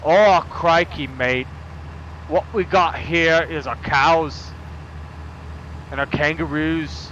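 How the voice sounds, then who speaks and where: A man voicing a mock Australian male farm narrator with a loud, drawn-out put-on drawl. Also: a little high, highs cut off, a little hiss or hum, pitched above the performer's own voice. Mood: jokey.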